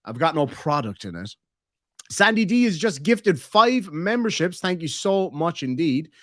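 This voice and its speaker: With a fairly high, sing-song voice and a fairly bright tone, an Irish host works through member messages at a measured pace on his casual stream. He's jokey, crude and rambling, and the studio sound is clean with no echo.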